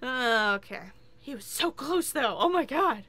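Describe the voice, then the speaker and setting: Bright-voiced woman rambling over a game, kinda high, gets loud and excited. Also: a little slow. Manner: chatty, excitable, swears, laughs often. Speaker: game streamer. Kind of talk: casual gameplay commentary.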